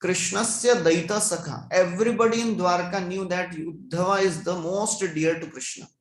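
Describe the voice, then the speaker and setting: A man's voice: sits high, fairly even intonation, normal speed, echoey room, low-quality recording. A man giving a devotional scripture class, chanting verses and then explaining them.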